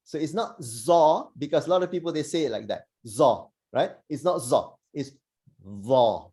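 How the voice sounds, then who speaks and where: A man teaching Arabic letter pronunciation on a video call, patient and encouraging, slowly demonstrating each sound. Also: fairly high pitch, lively intonation, mellow. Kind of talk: online pronunciation lesson.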